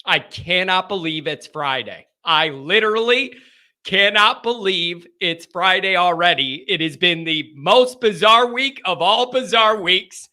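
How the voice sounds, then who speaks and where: A man hosting a casual fan livestream, excitable and emphatic, repeating himself, his voice still recovering from strain. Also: high voice, a little slow. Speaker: sports fan show host. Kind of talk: casual livestream chat to fans.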